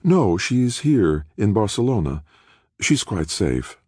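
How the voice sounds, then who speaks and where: A man's voice: fairly low pitch, very animated, slow pace, mellow, husky, no room sound, studio quality, pitched above the performer's own voice, exaggerated voice. A man voicing a powerful chairwoman who speaks almost pleasantly while making veiled threats. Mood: silky menace. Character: powerful woman chairwoman, silky and menacing.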